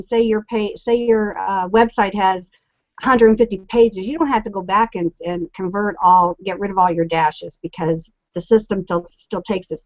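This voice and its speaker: As co-host of a web show, a chatty woman explains things using examples and lots of fillers in a casual discussion. Her medium-pitched voice comes through dry, close, and somewhat lo-fi, like call audio with no echo.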